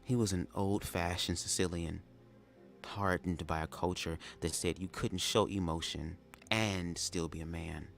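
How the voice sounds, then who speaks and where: A man reading a memoir aloud live, breaking off into sassy, animated asides. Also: low voice, gravelly. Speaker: reader of a memoir. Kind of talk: live read-aloud with commentary.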